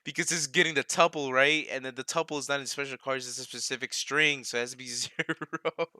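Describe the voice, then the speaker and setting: A man's voice: medium pitch, fairly even intonation, brisk, bright, forceful tone, clear, resonant tone, no echo, clean studio sound. A young man hosting a casual live coding stream, talking to himself as he works, scattered and self-mocking, laughing at his own mistakes.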